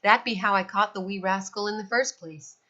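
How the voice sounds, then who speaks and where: A woman voicing a gruff, bossy old male sea captain who talks like a pirate, in a slightly dull recording. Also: medium pitch, steady tone, brisk, sharp tone, lightly acted. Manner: pirate-style talk.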